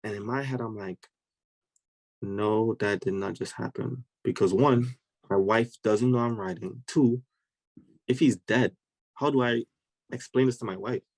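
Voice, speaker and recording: A man, a podcast guest, telling a personal story in an animated, conversational way and acting out the voices of people in it. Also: medium pitch, moderate pace, no room sound, rough recording. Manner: vivid, acts out voices of people in his story.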